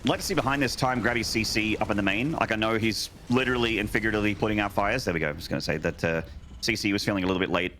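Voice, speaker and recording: A man walks through live esports strategy in a measured, explanatory way. His voice sits on the low side, and he breaks up the analysis with playful remarks. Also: a bit bright, slight background noise. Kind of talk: live game analysis commentary.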